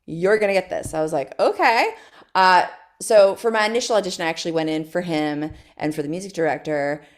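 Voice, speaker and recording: A woman actress as a podcast guest, telling stories in a chatty, animated way and laughing often. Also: sits low, fast. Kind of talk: casual interview chat.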